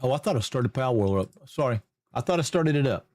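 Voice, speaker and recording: A man from Georgia with a Southern American accent chats through a live game stream. He talks in a friendly, rambling way and greets viewers excitedly, with his pitch in an everyday middle range. The close microphone leaves his voice dry, with no room sound. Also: fast, dry recording. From Georgia, USA. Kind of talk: casual live-stream chat.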